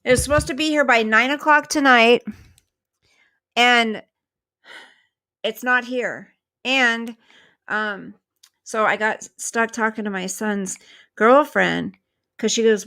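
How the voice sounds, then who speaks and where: A woman hosts a casual livestream, chatting with viewers, warmly thanking them, and eating as she talks. Her voice is on the high side, and she speaks slowly with long pauses.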